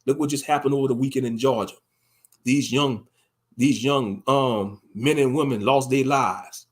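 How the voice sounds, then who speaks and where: A man's voice: mid-range voice, moderate pace. A man giving impassioned, scolding religious commentary, mocking the people he criticizes. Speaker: online commentator.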